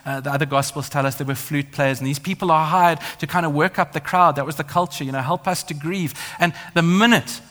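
A man's voice: fairly high pitch, fast talker, hardly any pauses, fairly bright tone. A man preaching a sermon as pastor, with an emphatic, building cadence and repeated phrases. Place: church. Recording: long hall reverb.

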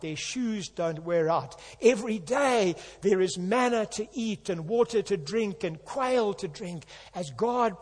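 A man preaching a sermon, earnest and emphatic, building to loud passages. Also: sits high. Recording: long hall reverb.

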